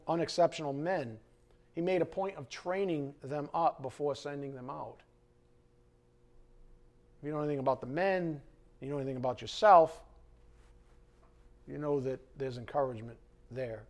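A man preaching a sermon as pastor, impassioned, with sarcastic asides to the congregation. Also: on the high side. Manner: impassioned, swings from quiet to loud.

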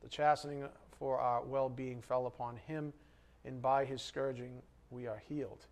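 A man's voice: mid-range voice, steady tone, moderate pace. A male pastor preaching a sermon to his congregation in a church hall, firing questions at them and rising sharply when worked up.

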